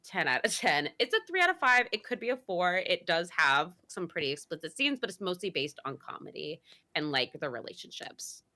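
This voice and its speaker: A woman chatting casually on a podcast as guest host, animated and giggly, full of fillers. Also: fairly low pitch, brisk. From Italian heritage.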